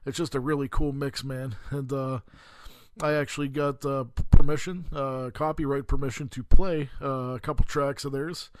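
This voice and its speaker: A man's voice: medium pitch, no echo. A man hosting his own podcast in a casual, rambling way, full of filler words and calling his listeners cats. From western Pennsylvania. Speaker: podcast host. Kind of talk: casual chat.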